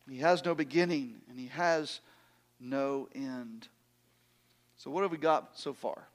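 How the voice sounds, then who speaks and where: A man pastor preaching a sermon, swinging from loud emphatic lines to hushed, falling phrases as he quotes scripture. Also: mid-range voice, measured pace, pauses often. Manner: swells loud then drops to near-whispers for emphasis.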